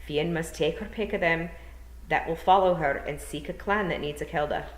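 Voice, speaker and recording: A woman voicing a tiny, shrewd, dying old pixie clan mother who speaks slowly and weakly in a put-on Scottish accent. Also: deep voice, close to an everyday voice. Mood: commanding. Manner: slow, weak, murmuring. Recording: roomy echo.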